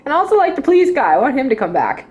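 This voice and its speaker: Young woman with a high voice, rambling drama reviewer, giggles through her thoughts. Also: very animated, rapid-fire, a little mellow, lo-fi sound. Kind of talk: casual spoken review.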